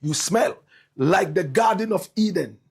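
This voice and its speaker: A Ghanaian man with a Ghanaian English accent hosting his show, opening with a flamboyant, repetitive, preacher-like patter and a sponsor pitch. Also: lively intonation, measured pace, creaky, husky. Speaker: show host.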